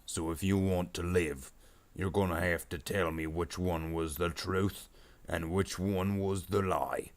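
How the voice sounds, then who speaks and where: A man's voice: low-pitched, steady tone, measured pace, few pauses. A man voicing a dim, bossy male orc warboss who blusters, gets muddled and makes threats. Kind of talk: improvised comedy skit while painting.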